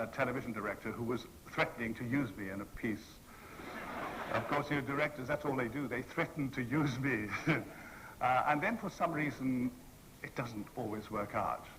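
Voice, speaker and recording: A man entertains a convention panel with wry, self-mocking anecdotes. His voice is bright and forceful, and his delivery is theatrical. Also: medium pitch, moderate pace, a little hiss or hum, rough recording. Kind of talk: anecdotal storytelling to an audience.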